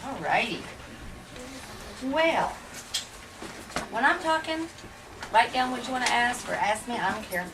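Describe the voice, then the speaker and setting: A woman's voice: a little high, expressive, measured pace, long pauses. A woman, a cheer judge, opening a staff training talk in a breezy, offhand way. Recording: distant mic with noisy background.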